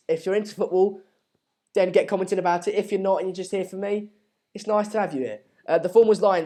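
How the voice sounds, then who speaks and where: Chatty, halting young man, slightly high voice. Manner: hesitant, rambling, many fillers and restarts. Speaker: live stream host. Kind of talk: casual live-stream chat reading viewer comments.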